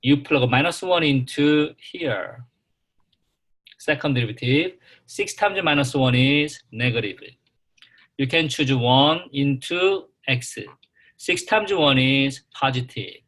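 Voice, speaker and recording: A man teaching a calculus class, talking slowly and haltingly, repeating himself and putting questions to the students. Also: medium pitch, fairly bright tone. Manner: slow, repetitive, halting, asks the class questions. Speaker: math instructor.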